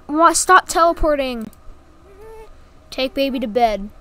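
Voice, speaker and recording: Giggly woman gamer, high and unhurried, teasing chatter. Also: expressive, a bit bright. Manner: giggly and teasing, full of exclamations. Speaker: gaming YouTuber. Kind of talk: casual gameplay commentary.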